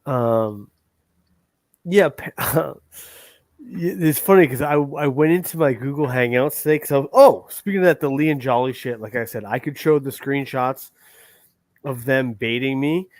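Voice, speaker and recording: A man's voice: mid-range voice, normal speed, darkish tone, dry recording. A man hosting a livestream, ranting in a heated, profane and rambling way. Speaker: livestream host.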